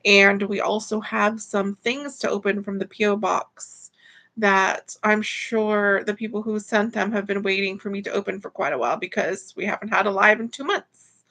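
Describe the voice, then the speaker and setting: A woman's voice: medium pitch, steady tone, moderate pace, bright, forceful tone. A tired woman hosts a casual livestream from home, greeting viewers by name. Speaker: livestream host.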